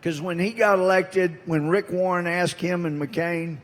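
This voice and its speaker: Older Southern-accented congressman addressing a crowd, folksy storyteller who hits his punchlines hard, slightly high voice, lingering hall echo. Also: fairly even intonation, unhurried. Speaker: congressman giving a speech. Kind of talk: speech to a live audience. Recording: long hall reverb.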